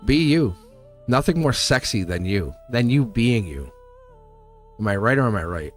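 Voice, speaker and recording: A middle-aged man hosting a live tarot reading, rambling and upbeat, his voice hoarse and cracking. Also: on the low side, sing-song, moderate pace, soft background music. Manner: rambling, upbeat, repeats himself. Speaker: tarot reader and host.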